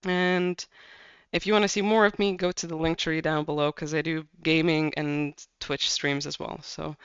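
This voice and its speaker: A tarot reader giving a casual pick-a-pile reading, chatty and excitable, swearing freely. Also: medium pitch, normal speed, clean tone, dry recording, lo-fi sound.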